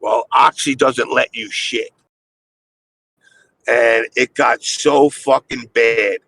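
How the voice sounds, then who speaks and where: A man streamer telling a crude story in casual chat, animated, with put-on voices for the people in it. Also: medium pitch, slow pace, creaky, a little hiss or hum, poor audio.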